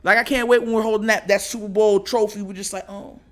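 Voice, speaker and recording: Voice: medium pitch, steady tone, quick pace, fairly bright tone. Slangy, trash-talking sports fan host. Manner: trash-talking, slangy, laughs often between lines. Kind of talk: casual sports fan rant.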